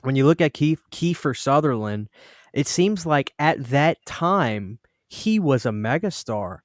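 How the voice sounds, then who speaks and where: A man's voice: medium pitch, lively intonation, a little slow, no room sound, clean studio sound. A man hosting a podcast chat, asking questions in a hesitant way. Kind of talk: casual chat.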